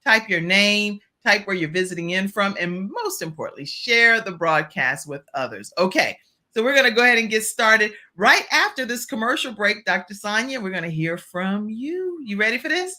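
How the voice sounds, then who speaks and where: A woman from Virginia hosting a virtual talk show, chatty and animated, speaking straight to her audience. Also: medium pitch, normal speed.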